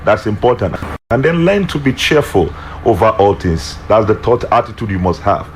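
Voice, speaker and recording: Nigerian pastor telling an animated story. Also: male voice, lowish voice, normal speed, slight background noise. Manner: animated, acts out story voices. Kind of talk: sermon with storytelling.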